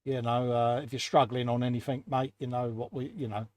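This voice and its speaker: A man's voice: medium pitch, flat delivery, brisk, darkish tone, no room sound. Chatty British man, calling everyone mate. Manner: chatty, greets viewers, calls everyone mate. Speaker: host. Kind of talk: casual live-stream chat.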